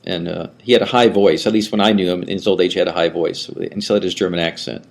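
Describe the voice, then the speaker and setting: An older male priest gives a relaxed class lecture in a fairly low voice. He wanders through asides and often restarts his sentences. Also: fast, gravelly. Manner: rambling, with frequent restarts and asides. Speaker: Orthodox priest teaching a class. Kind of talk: conversational lecture.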